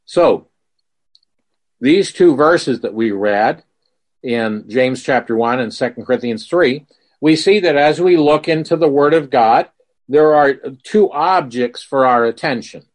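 A man preaching a sermon in a slow, earnest way, telling stories with quoted dialogue to make his point. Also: medium pitch. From Mississippi.

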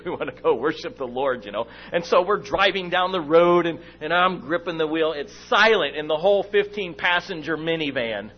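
Fairly high-pitched and speaking at a moderate pace with few pauses, this middle-aged man delivers a sermon with personal stories at a church meeting. He animates a family story, acting out his own shouts and whispers, and the dull lo-fi recording carries a faint hum.

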